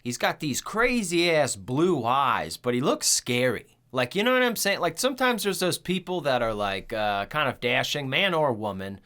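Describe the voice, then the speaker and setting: A man hosting a horror movie podcast, telling the story in a rambling, profane, animated way. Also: mid-range voice, normal speed, hardly any pauses. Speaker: podcast host. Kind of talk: casual movie recap chat.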